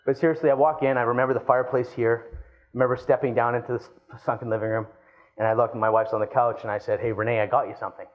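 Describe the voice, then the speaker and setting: A man giving a live keynote speech, telling a personal story with animated energy and calling the audience guys. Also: mid-range voice, fast talker, dull audio. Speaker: keynote speaker.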